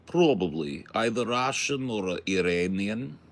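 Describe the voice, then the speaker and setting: A man's voice: sits low, very animated, unhurried, vocal fry, a bit bright. A man co-hosting a podcast, bantering in a crude, joking, rambling way. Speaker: podcast co-host. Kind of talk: casual stoned banter.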